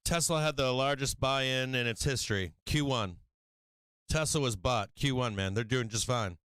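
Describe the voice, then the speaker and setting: A man's voice: mid-range voice, normal speed, fairly bright tone, smooth, no room sound. A man hosting a live stock market stream, rambling and mocking, swearing often as he talks to his viewers. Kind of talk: casual profane market chat.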